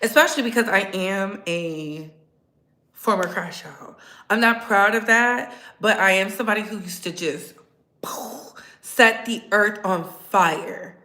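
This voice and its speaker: A woman's voice: medium pitch, unhurried, bright, forceful tone, reverberant. A woman hosting a casual livestream, blunt and sassy, talking straight to her viewers in the chat. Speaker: livestream host.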